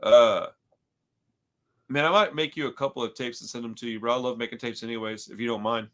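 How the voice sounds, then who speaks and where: With a medium-pitched, steady voice and a slightly fast pace, a Houston, Texas man in his thirties hosts a laid-back podcast. He rambles through stories full of "dude," "bro" and swearing.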